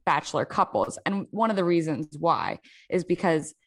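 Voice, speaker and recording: A woman with a Philadelphia accent, co-hosting a casual podcast and telling an animated story full of "like"s. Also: sits low, normal speed. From South Jersey near Philadelphia. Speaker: podcast co-host. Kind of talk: casual chat.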